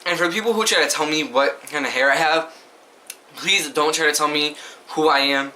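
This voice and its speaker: A man's voice: a little high, pushed and bright, a little hiss or hum. A young man vlogging to camera, answering questions in a casual, emphatic and indignant way, often asking the viewer rhetorically.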